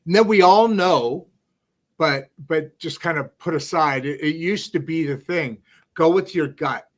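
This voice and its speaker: A man's voice: a little high, a little slow. A man hosting a live interview show, talking in a rambling, enthusiastic way full of asides and restarts. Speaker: talk show host. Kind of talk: casual live interview chat.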